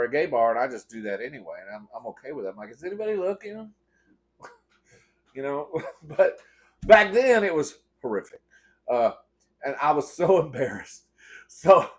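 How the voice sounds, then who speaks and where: A middle-aged man from the Texas Gulf Coast spins comic stories on his eating show. He swears freely, laughs through his own lines and talks in an animated way. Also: medium pitch. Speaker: host. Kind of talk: comedic storytelling while eating.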